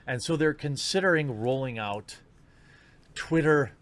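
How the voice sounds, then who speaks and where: A man's voice: on the high side, a little slow, fairly bright tone. A man speaking an earnest, preachy video monologue, played from a recording. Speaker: video commentator.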